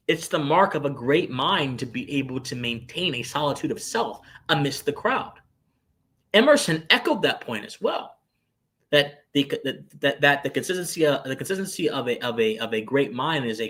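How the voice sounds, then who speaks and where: A man's voice: a little high, fairly bright tone. A man co-hosting a podcast, giving lecturing philosophical commentary with searching restarts and sudden emphatic jumps. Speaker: podcast co-host.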